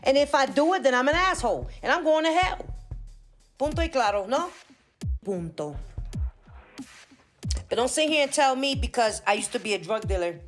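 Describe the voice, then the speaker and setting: A woman's voice: high voice, expressive, normal speed, pauses often, faint music behind. Blunt, profane woman ranting. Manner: sprinkles in Spanish words. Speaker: vlogger. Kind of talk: ranting opinion monologue.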